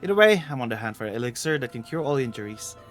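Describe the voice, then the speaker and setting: A man's voice: mid-range voice, big pitch swings, racing, faint music behind, close to an everyday voice. A man reading out a teasing, vain older treasure hunter woman. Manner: teasing, reading game dialogue aloud. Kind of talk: reading game dialogue aloud on a live stream.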